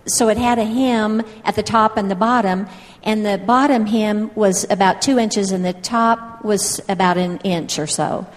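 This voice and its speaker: A woman tells a homely anecdote on stage in a chatty, informal manner. Her voice sits at a medium pitch. A long hall reverb trails behind her words. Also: steady tone, unhurried. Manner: homespun, chatty. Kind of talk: casual storytelling on stage.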